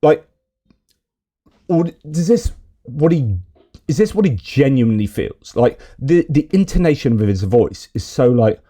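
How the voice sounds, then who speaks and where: A man's voice: medium pitch, animated, measured pace, dark tone. A man giving exasperated, indignant political commentary while reacting to video clips.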